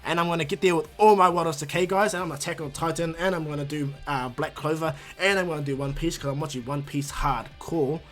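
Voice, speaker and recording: A man's voice: a little high, steady tone, quick pace, hardly any pauses, a bit bright, soft background music. A man casually narrating a fan-made anime story for his channel, rambling, restarting words and adding "you know". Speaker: YouTube storyteller.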